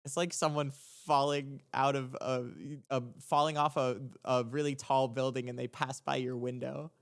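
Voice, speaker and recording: A young man in the middle of his range talks through his own music on a livestream. His voice is smooth and resonant, and his speech is loose and rambling, full of ums, false starts and the odd swear word. He comes across as a producer thinking aloud for his chat. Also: mid-range voice, little pitch movement, normal speed. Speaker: music producer streaming a track breakdown. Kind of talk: casual explanatory livestream talk.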